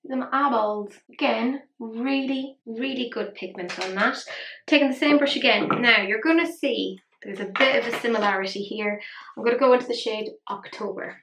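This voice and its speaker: A woman's voice: fairly high pitch, moderate pace, fairly bright tone, a little hiss or hum. A woman chatting casually through a makeup tutorial, rambling and poking fun at herself. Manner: chatty, self-mocking, rambling asides. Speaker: makeup vlogger. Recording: roomy echo.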